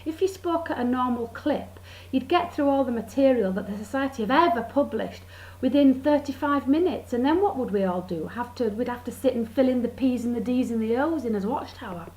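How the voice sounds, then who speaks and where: A woman's voice: on the high side, animated, a little fast, a little mellow, low-quality recording. A woman giving a sarcastic comedy monologue, drawing out words to mock them. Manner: sarcastic, mocking, drawls words for effect. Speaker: vlogger.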